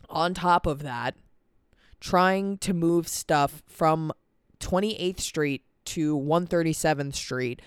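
In a cold indoor room, with a camera running on a timer, an eighteen-year-old podcast host talks about stress and a busy month in a tired, rambling, sweary, "like"-heavy vlog-style chat. The mid-range voice is clear and resonant, and the recording is dry and studio quality.

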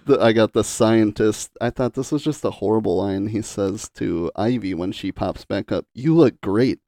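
A man's voice: lowish voice, normal speed, warm tone, dry recording, clean studio sound. A man co-hosting a casual movie podcast, reading bad lines aloud and laughing often. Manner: reads movie quotes in hammy voices, laughs often. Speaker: podcast co-host. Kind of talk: casual chat.

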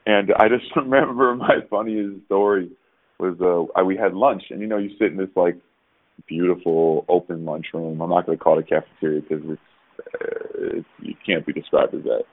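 Deep-voiced guy rambling about his playing days, dry tinny phone sound. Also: normal speed, no room sound. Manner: rambling, animated, with frequent restarts. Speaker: podcast guest, former pro basketball player. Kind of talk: casual storytelling.

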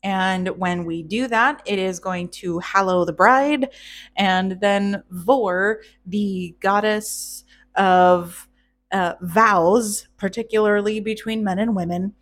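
A woman's voice: mid-range voice, slow, natural voice. A woman voicing a boastful, impatient male giant king with a brash, cocky manner. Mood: eager.

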